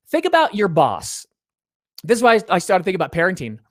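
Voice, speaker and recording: Middle-aged man, earnest interview guest, very lively pitch, dry close sound. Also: fast, no echo. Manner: earnest, animated, drops low to make a point. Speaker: interview guest, parenting author. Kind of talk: animated storytelling in an interview.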